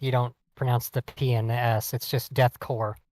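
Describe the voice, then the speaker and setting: A man's voice: mid-range voice, level tone, normal speed, darkish tone, no room sound. A man co-hosting a podcast who corrects and explains details in casual banter. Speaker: podcast co-host.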